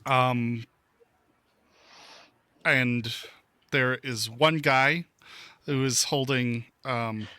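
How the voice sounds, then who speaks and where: A man narrates a cyberpunk tabletop game as its game master, in an easygoing, rambling way with many ums and dad jokes. He speaks slowly, and his voice is bright and recorded dry and close. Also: mid-range voice, fairly even intonation, no echo.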